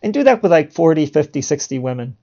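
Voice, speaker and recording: Gravelly, sarcastic male podcast host. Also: fairly high pitch, big pitch swings, fast, dark tone, dull audio. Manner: sarcastic, mock-indignant, laughs at his own jokes. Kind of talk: provocative monologue.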